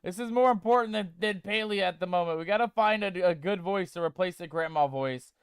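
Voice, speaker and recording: A man's voice: high-pitched, fairly quick, smooth, dry recording, studio quality. A man streaming a game, chatting casually and playfully with viewers he calls mateys while reading chat aloud. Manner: reads chat aloud and tests text-to-speech voices.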